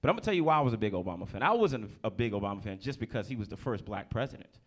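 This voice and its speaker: A man's voice: on the low side, lively intonation, very fast. A man from New Jersey doing a stand-up comedy set on a club stage, talking loosely and teasing the audience. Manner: loose, conversational, teases the crowd.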